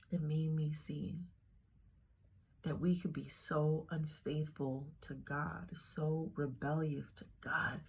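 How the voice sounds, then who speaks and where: A woman's voice: low voice, little pitch movement, very slow, creaky, pauses often, husky. A woman giving a casual devotional talk to camera, slangy and emphatic, often dropping into whispers. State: heartbroken after a breakup. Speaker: faith vlogger.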